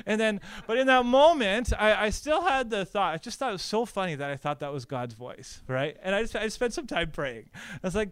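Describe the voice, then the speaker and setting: This high-voiced pastor speaks at a normal speed, and the sound is clean with no room sound. He's giving an animated, storytelling breakout talk at a conference, full of conversational "like" and "right?" asides.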